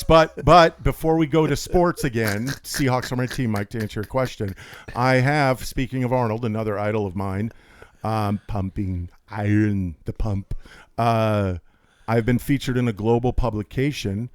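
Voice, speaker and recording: A man, the guest on a podcast, telling rambling stories with lots of energy and jokes. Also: moderate pace. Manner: high-energy, talkative, jokey, does voices for quotes. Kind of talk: rambling storytelling chat.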